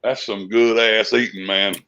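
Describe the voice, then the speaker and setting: A man's voice: on the low side, fairly even intonation, measured pace, lo-fi sound, crowd noise. A man telling rambling, profane stories in a casual chat. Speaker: podcast co-host, musician.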